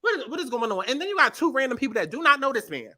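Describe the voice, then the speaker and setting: A young woman hosting a comedic commentary show, riffing in an animated, profane, exasperated way. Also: high-pitched, racing. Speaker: host.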